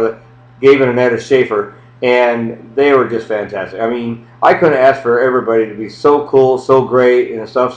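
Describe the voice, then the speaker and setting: A man in his sixties tells his own life story in a casual, rambling, heartfelt way, full of "you know" and "I mean.". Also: medium pitch. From United States. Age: 60s. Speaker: adoptee telling his story. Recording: roomy, dull lo-fi home recording.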